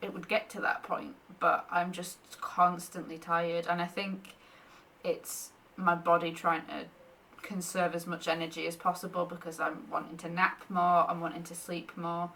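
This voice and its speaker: A woman's voice: on the low side, flat delivery, moderate pace, sharp tone, distant mic, a little hiss or hum. A young woman in pregnancy, chatting casually to camera and often short of breath, laughing between thoughts. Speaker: vlogger sharing pregnancy updates.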